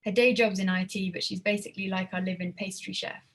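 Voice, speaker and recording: A woman voicing a laid-back young female housemate with a raspy French accent, teasing as she speaks. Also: medium pitch, fairly even intonation, quick pace, natural voice.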